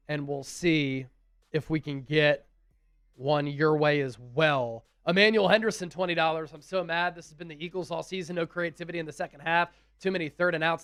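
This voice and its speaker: A man with a high voice hosts a casual live sports stream, reading fan messages aloud and thanking each sender. The sound is dry and close. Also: a bit bright, smooth, dry recording.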